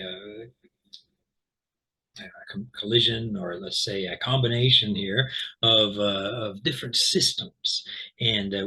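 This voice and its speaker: In a poorly recorded informal online lesson, a man with a lowish, sharp, slightly breathy voice teaches English pronunciation. He rambles with plenty of fillers and restarts, explaining patiently and checking in with "okay?".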